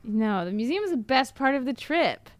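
A woman's voice: high-pitched, normal speed. A middle-aged woman from the United States co-hosting a podcast in casual chat, emphatic and teasing, acting out little scenes. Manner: animated, acts out little scenes. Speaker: podcast co-host.

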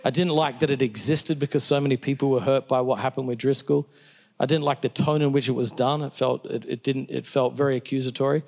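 A middle-aged Australian man talks like a pastor in the middle of a sermon, even though he is a guest in an interview. He doubles back on his words and breaks into laughter at his own asides. His voice sits in an ordinary middle pitch for a man. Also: creaky. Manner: animated, self-interrupting, laughs at own jokes. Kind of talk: conversational interview answers, preacherly.

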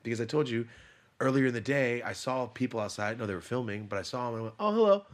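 A young man hosting a casual podcast, telling stories in an animated way with lots of swearing and acted-out quotes. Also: mid-range voice, quick pace. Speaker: podcast host. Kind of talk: casual chat.

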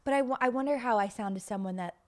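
A woman's voice: fairly high pitch, fast, a little mellow. Giggly woman on a podcast, self-deprecating, stuffy nose, rambling chat. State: pregnant, runny nose. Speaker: podcast co-host. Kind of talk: casual chat.

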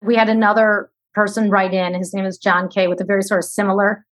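Chatty woman with a husky voice. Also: medium pitch, fast. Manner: relaxed, chatty, reads out listener questions. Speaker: producer asking listener questions. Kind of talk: conversational Q&A.

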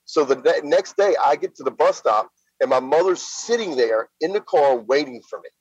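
A middle-aged man from Louisiana, a guest recounting events in a plain-spoken, halting way full of fillers. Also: a little high, animated, husky, dry recording. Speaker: interview guest. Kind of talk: casual spoken storytelling. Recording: slightly dull lo-fi sound.

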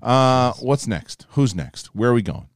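A man co-hosts a casual live show, reading viewer messages and telling rambling, animated stories in live-stream chat. His voice is mid-range at a measured pace. The recording is dry, with clean studio sound.

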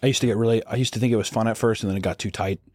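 A man's voice: fairly low pitch, fairly even intonation, rapid-fire, darkish tone, slightly rough, dry recording, clean studio sound. A young man co-hosting a podcast, chatting casually and acting out voices in his stories. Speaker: podcast co-host. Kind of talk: casual comedic chat.

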